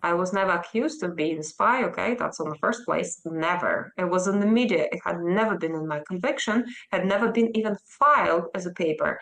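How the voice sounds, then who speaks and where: A woman's voice: lowish voice, brisk, hardly any pauses, fairly bright tone. A woman in her thirties from Russia with a Russian accent, answering a news interviewer emphatically and insistently. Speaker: interview guest.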